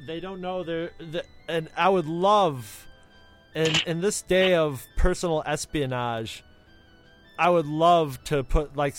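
An American man co-hosting a casual chat, rambling with many restarts as he talks. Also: on the high side. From United States. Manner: rambling, with many restarts and impressions of other accents.

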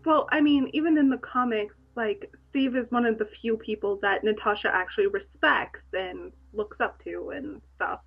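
Giggly, husky-voiced woman on a muffled mic. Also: medium pitch, steady tone, normal speed, few pauses. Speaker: podcast co-host. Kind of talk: casual podcast chat.

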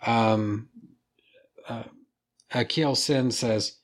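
A man gives a casual, excited comic book review, cursing freely and talking straight to his viewers. His voice sits at a middle pitch, relaxed and conversational. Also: normal speed. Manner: enthusiastic, casual, swears freely. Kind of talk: casual video commentary.

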